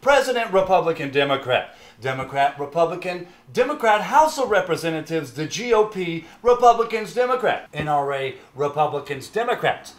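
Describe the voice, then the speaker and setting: High-voiced man, pompous mock commentary. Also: big pitch swings, normal speed, few pauses, echoey room. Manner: rattles off word lists with pompous confidence. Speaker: comedy news co-anchor.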